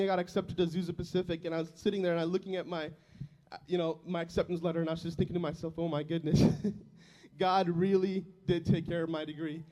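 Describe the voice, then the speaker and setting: A man in his twenties preaching a sermon, telling his own testimony in an earnest, emotional way that swells loud and drops soft. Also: sits high. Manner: earnest and emotional, loudness rising and falling.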